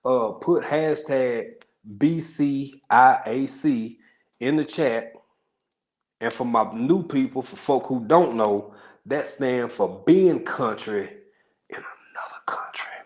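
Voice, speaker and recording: Slow and medium-pitched, this man's voice carries a Texan accent as he hosts a livestream. He chats informally with viewers, tossing out jokes, laughing often and rambling in asides.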